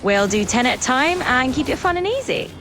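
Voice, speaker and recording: A woman's voice: high voice, sing-song, a little fast, a bit bright, a little hiss or hum. A woman's voice as an AI assistant, upbeat and agreeable, always promising to go on but stalling and repeating herself. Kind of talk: synthetic assistant chat.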